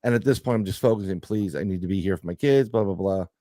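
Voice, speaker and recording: A middle-aged man telling a story in casual podcast chat, animated and joking, with some swearing. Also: sits low, quick pace, no room sound, studio quality. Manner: animated storyteller, swearing, laughing through jokes. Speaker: podcast guest.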